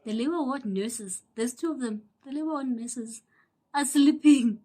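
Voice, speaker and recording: A young South African woman telling a personal story in a casual, animated way, acting out the people she quotes and sometimes dropping into a whisper. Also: a little high, moderate pace, breathy edge. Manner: animated, acts out quoted voices, drops into whispers. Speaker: YouTuber.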